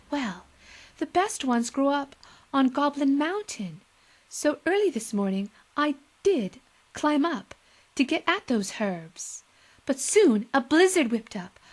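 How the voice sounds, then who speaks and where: A woman voicing a weary, feeble old woman who makes sweets, speaking softly and weakly. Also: high voice, voice pushed up. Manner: soft, breathy, feeble.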